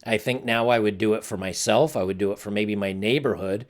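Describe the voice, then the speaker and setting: A man's voice: lowish voice, steady tone, fairly quick. A man hosting his own channel, talking earnestly and somberly in a casual commentary monologue, often restarting his sentences. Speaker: channel host.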